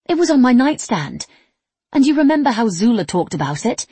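A woman's voice: a little high, very animated, a little fast, mellow, slightly rough, no room sound, voice pushed up, heavily acted. A woman voicing a wry, tired young woman with a dry, sardonic manner in a read-aloud story. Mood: insistent.

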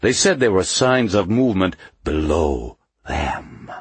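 A suspicious, grim-edged leader of the underground, speaking in a silky hiss, as a male audiobook narrator voices him. His voice sits higher than the narrator's own, husky and slow. The delivery is dry and close, an audiobook character. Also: sing-song, dry recording, full character voice. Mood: conspiratorial. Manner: silky hissing voice.

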